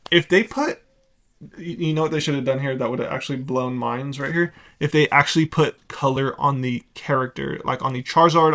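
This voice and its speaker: Gravelly, bright-voiced young man ranting. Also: mid-range voice. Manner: blunt, sarcastic, rapid asides. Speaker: card collecting video host. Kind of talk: casual opinionated market commentary.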